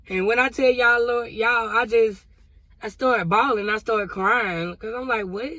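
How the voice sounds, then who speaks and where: A woman's voice: a little high, unhurried, bright, forceful tone, dry recording. A woman vlogger sharing a spiritual testimony in a casual, emotional, conversational way, talking straight to her viewers. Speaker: vlogger sharing a prophetic word.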